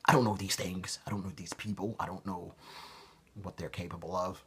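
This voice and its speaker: A man's voice: low voice, fairly even intonation, a little fast, noisy background. A man talking to camera in a rambling, profane vlog monologue that keeps interrupting itself. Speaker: vlogger.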